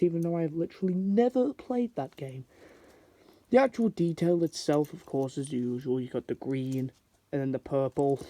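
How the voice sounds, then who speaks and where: Mellow-voiced man reviewing toys. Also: on the high side, dry recording. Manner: chatty and rambling, many filler likes. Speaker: toy reviewer. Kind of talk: casual product review.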